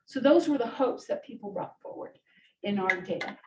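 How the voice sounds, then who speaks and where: A woman's voice: on the high side, expressive, moderate pace. Woman presenter, earnest, keeps asking right?, echoey room w faint hiss. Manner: earnest, tag questions like "right?". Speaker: social work presenter. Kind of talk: conference talk. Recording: roomy, distant mic, faint hiss.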